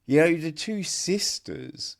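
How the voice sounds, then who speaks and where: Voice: mid-range voice, slow pace. A podcast host giving a casual, sarcastic film review, often asking "right?" and restarting sentences. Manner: sarcastic, mocks dialogue in exaggerated voices.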